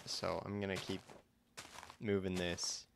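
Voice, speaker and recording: A man's voice: deep voice, little pitch movement, slow, creaky, a little hiss or hum. A young man casually commenting on his own gameplay during a live stream, thinking aloud and restarting his sentences as he goes. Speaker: let's play host.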